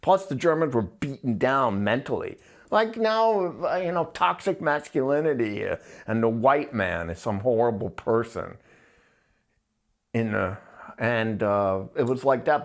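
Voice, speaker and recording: Animated, blunt-talking man. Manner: excitable, rambling, pitch climbing high when worked up; crude, blunt wording. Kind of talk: casual podcast talk.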